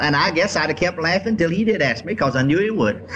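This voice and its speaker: Animated older preacher. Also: male voice, sits high, a little hiss or hum, low-quality recording. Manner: folksy, repetitive, drawn-out emphasis. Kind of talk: sermon storytelling. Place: church before a congregation.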